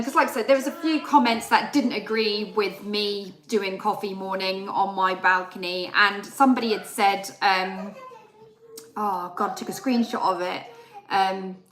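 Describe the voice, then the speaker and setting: A woman's voice: mid-range voice, fairly bright tone, reverberant. A young adult woman, chatting casually on a live stream and telling a story with re-enacted dialogue. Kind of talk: casual chat.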